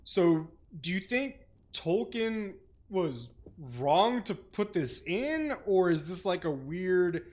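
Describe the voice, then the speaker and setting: Man with a lively swinging voice. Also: high voice. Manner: blunt and profane, quick with jokes. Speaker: book club podcast co-host. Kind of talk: casual chat.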